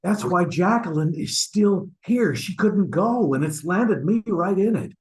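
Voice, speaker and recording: A man's voice: sits high, lively intonation, measured pace, darkish tone, rough recording. A man acting an online stage scene as a flustered husband hiding an affair, stammering and sheepish as he presses his friend. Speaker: acting student. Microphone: video call.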